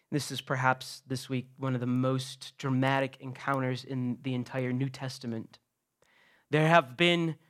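A man preaching a sermon, retelling a Bible story with earnest emphasis, rising louder for key points and dropping quiet, slowing on important phrases. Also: mid-range voice. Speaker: pastor.

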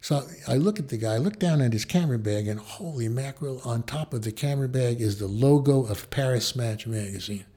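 Older man, husky voice, from the Bronx, animated storyteller, photographer. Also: mid-range voice. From New York, Bronx. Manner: animated, acts out quoted voices, halting restarts. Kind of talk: personal anecdote storytelling.

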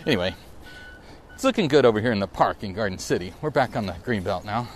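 Riding through a park, a podcast host in his late forties records a casual solo episode in a lowish, animated voice, talking fast over a little hiss or hum. His musings ramble and reflect, constantly circling back to correct themselves.

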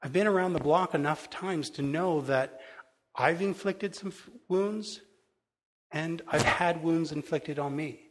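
A man's voice: a little high, a little slow. A middle-aged man, a pastor, giving a conversational sermon that is candid and self-deprecating, with casual storytelling full of restarts.

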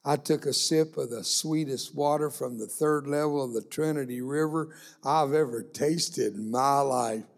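A man's voice: medium pitch, a little slow. A man preaching a sermon, telling a humorous anecdote and acting out the dialogue. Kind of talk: sermon storytelling.

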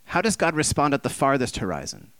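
A man's voice: huge pitch swings, fast talker, fairly bright tone, no room sound. A man preaching a sermon, impassioned and conversational, firing off rhetorical questions and acting out the voices he quotes. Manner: acts out quoted voices with big swings in pitch and volume.

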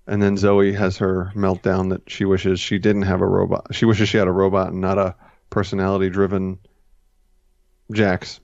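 A man's voice: low-pitched, completely flat delivery, normal speed, gravelly, a little mellow, no room sound. A man co-hosting a casual chat, rambling and correcting himself as he retells scenes. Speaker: podcast co-host. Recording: dull, lo-fi dry recording.

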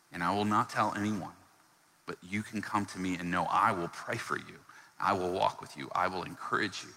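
A man preaching a sermon as a pastor in a church, earnest and emphatic, moving between hushed, slow passages and loud, driving ones. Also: deep voice, in a large hall. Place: church hall.

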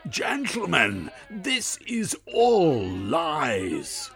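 A man voicing a furious villainous aristocratic lord who shouts in shrill outbursts. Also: wildly swooping pitch, very slow, full character voice.

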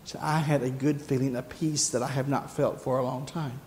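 A man's voice: mid-range voice, fairly even intonation, a little fast, darkish tone, long reverb tail, slight background noise. A middle-aged man, preaching a sermon as pastor and telling a story with emphatic repeated phrases.

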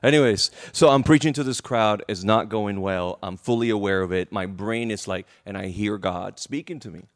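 A male preacher telling a story in a sermon, animated and emotional, often restarting his words. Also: on the low side, moderate pace, hardly any pauses.

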